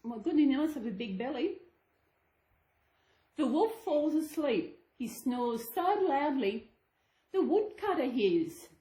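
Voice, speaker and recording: A woman's voice: high voice, expressive, takes it slowly, long pauses, mellow. A woman channel host reading a children's storybook aloud to her dolls, sing-song with chatty asides. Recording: echoey room.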